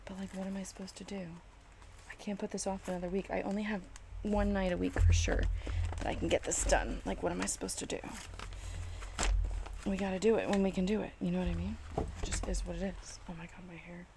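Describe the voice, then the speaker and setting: A woman's voice: mid-range voice, a little fast, creaky, noisy background. A woman chatting casually on a live stream while crafting in her home studio, exasperated and self-mocking, swearing freely.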